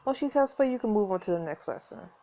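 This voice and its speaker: A woman voicing a commanding male stage director in a story game, reading his lines in a lowered, brisk voice. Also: lively intonation, warm tone, close to an everyday voice. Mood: instructing.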